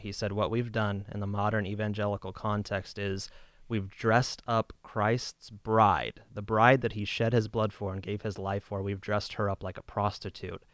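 A man co-hosting a casual Christian podcast discussion, speaking in a quiet, measured way. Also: lowish voice, no room sound.

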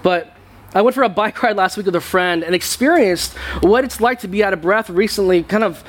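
A man's voice: sits high, fairly quick. A man preaching a sermon to his church in a conversational way, often repeating words as he goes. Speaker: pastor. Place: church sanctuary.

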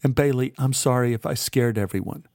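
A frightened, fragile young woman, as a male narrator puts her on, her voice lifted high and pleading through tears. The storybook reading sounds close and dry, with no room around it. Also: a little fast, gravelly, a little mellow, no room sound, lightly acted. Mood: shaken. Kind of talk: audiobook character voice.

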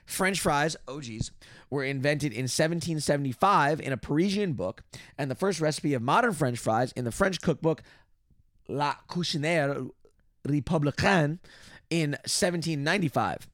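A man's voice: on the high side, expressive, normal speed, a bit bright, no room sound. Man, podcast co-host, reads trivia off notes, rambling asides, dry close sound. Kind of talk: casual chat.

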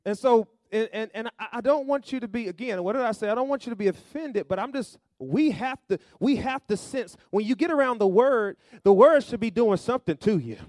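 High-voiced preacher with emphatic bursts. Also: male voice, animated, brisk, few pauses, no room sound, studio quality. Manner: call-and-response preaching, rising to loud emphatic bursts. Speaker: pastor. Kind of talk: sermon.

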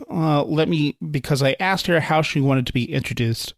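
A man's voice: fairly high pitch, normal speed, no echo. A man co-hosting a comedic movie podcast, delivering grand, mock-formal introductions. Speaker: podcast co-host.

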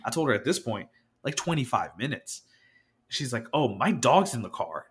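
A man's voice: mid-range voice, normal speed, husky. Guy on a podcast ranting through a story, does voices for people, curses a lot. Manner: animated storyteller, acts out quotes, swears when worked up. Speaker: podcast co-host. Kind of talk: casual chat.

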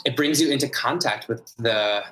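Bright-voiced man explaining earnestly. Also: mid-range voice, moderate pace. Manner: earnest, repeats words for emphasis. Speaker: guest, ritual designer. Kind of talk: explanatory interview talk. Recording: roomy echo.

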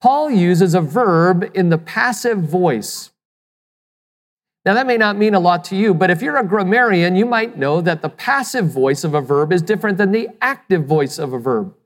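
A pastor delivers a sermon in a middle-pitched voice, pressing points home with rhetorical questions and the odd repeated word. The sound rings with the long reverb of a large hall. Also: animated, normal speed. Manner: emphatic, asks the listeners rhetorical questions; repeats words when restarting.

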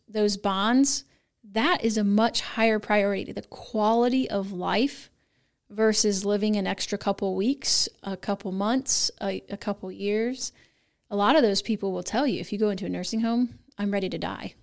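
A woman guest in a podcast interview, talking earnestly and emphatically about policy. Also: medium pitch. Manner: earnest, emphatic, rising to stress points. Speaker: nurse guest, advocacy founder.

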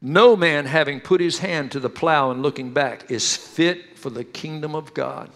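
A preacher voicing a stern, solemn male teacher who speaks low and heavy, weighing each word. The voice rings out with a long reverb through a large church hall. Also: normal speed, natural voice. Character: grave, solemn male teacher rebuking followers.

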